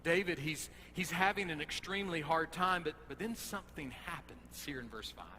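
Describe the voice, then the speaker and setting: A young man preaches with a bright, forceful delivery and a somewhat high voice. He acts out scripture passages with dramatic swells. His voice rings through a reverberant hall over a faint hum. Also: normal speed. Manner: animated, dramatic readings of scripture. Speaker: pastor. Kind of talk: sermon.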